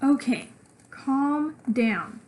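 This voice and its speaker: A woman voicing an exasperated father who scolds his child loudly at bedtime in a storybook read-aloud. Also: sits high, animated, extremely slow, full character voice, rough recording. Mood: scolding. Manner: loud, scolding.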